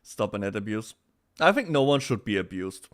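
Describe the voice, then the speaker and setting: A man's voice: fairly low pitch, sing-song, fairly quick. Laughing German man streaming. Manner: laughs often, reacts loudly to chat. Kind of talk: casual stream chat.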